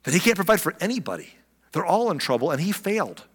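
A man preaching a sermon as pastor, animated and conversational, with frequent exclamations, in a church sanctuary. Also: high voice, quick pace, slightly rough. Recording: long reverb of a large hall.

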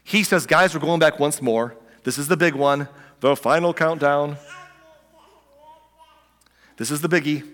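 Animated preacher in a reverberant hall. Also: male voice, on the high side, a little slow, long pauses. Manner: animated preaching, acts out voices of the story, chuckles often. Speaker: pastor. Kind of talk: sermon.

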